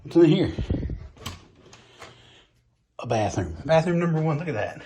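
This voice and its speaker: A man giving an excited, out-of-breath handheld room tour of a vacation apartment, exclaiming at each room. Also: fairly high pitch, unhurried, slight background noise. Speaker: vlogger.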